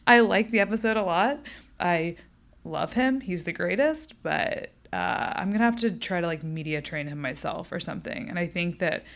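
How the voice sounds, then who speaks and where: A woman's voice: lowish voice, expressive, moderate pace, gravelly, a bit bright. A young woman hosting her own podcast, chatting candidly and casually, swearing and laughing as she talks. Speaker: podcast host. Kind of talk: casual solo podcast chat.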